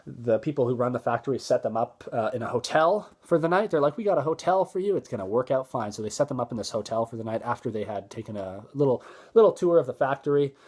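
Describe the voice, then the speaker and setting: A man talks through a film's plot in a loose, rambling way, with a middle-pitched voice. He piles on fillers and restarts and briefly acts out the characters' lines as he goes. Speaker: movie reviewer. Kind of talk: casual plot recap.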